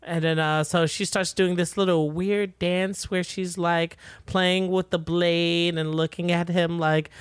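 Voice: medium pitch, flat delivery, unhurried, hardly any pauses, smooth, no room sound. A podcast co-host chatting casually through a recap, laughing often and quoting the characters.

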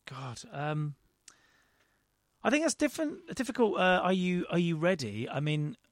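A man's voice: sits high, big pitch swings, unhurried, dry recording. Hesitant man, dry close sound. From London, England. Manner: rambling, hesitant, self-deprecating, with many restarts. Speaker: actor and director guest. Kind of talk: casual interview chat.

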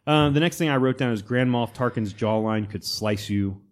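Man, casual podcast host, mid-pitched, animated delivery, slips into quoted character voices, conversational. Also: moderate pace. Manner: animated, quotes film lines in put-on voices. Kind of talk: casual chat.

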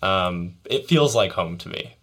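A young man from the area, hosting a casual podcast chat, relaxed and quick to laugh, often repeating his words. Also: low-pitched. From Boston area, USA. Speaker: podcast host. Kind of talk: casual conversation.

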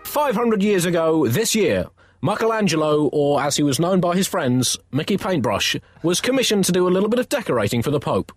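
Lively comedy podcast host. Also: male voice, fairly high pitch, a little fast, husky, faint music behind. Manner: wry, mock-grand, playful. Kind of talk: comic storytelling and sign-off.

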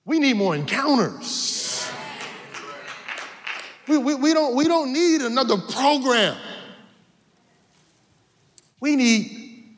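A pastor preaching a sermon with animated storytelling, swinging from low asides to sung shouts. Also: male voice, takes it slowly, long pauses, slight background noise. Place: large arena church. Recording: long reverb of a large arena.

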